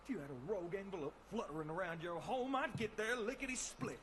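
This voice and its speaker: A man's voice: high-pitched, expressive, fast, noisy background. A man voicing a jittery, folksy southern man who is scared of bugs, talking in an exclamatory drawl with a Southern US accent. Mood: flustered.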